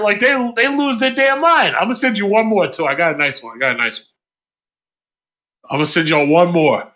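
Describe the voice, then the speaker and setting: A man's voice: high voice, sing-song, moderate pace, bright, forceful tone. A man in a casual group voice chat, talking bluntly and emphatically and repeating his points. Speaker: voice chat participant. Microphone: online voice chat mic. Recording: muffled lo-fi voice chat audio.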